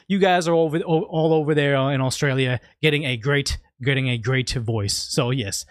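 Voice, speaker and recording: A man's voice: mid-range voice, fairly quick, hardly any pauses, dry recording, clean studio sound. A man hosting a casual livestream, rambling through tangents and reading out viewer super chats. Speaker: livestream host.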